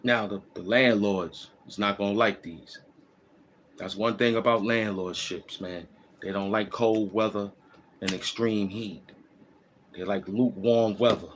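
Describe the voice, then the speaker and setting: A man hosts a casual walking vlog outdoors in the cold, offering loose, repetitive, slangy street advice in a rambling streetwise monologue. His voice is fairly low but bright in tone, with slight background noise.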